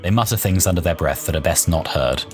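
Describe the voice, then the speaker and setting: A man's voice: deep voice, lively intonation, quick pace, darkish tone, soft background music. A young man hosting a let's play, reading game text aloud and chatting in an amused, thinking-aloud way. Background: faint game soundtrack.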